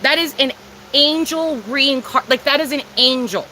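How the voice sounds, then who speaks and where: Young woman, high bright voice, live from home; casual, profane, keeps agreeing with chat. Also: moderate pace, a little hiss or hum. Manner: profane, emphatic, talking back to chat. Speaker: livestreamer.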